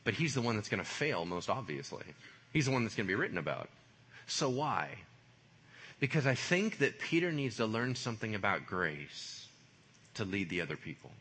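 A man preaching a sermon in a lively, conversational way, full of casual slang. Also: on the low side, normal speed, slightly rough. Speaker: pastor.

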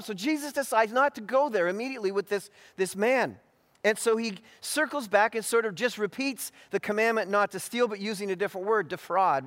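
Male preacher, higher-pitched voice, deliberate expository delivery, reverb from a hall. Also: fairly bright tone. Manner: measured, deliberate delivery with frequent restarts and fillers. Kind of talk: expository sermon.

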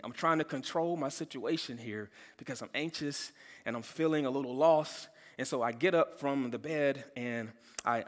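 Earnest preacher man in a reverberant hall. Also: medium pitch. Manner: earnest, personal storytelling with repeated restarts. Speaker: pastor. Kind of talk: sermon.

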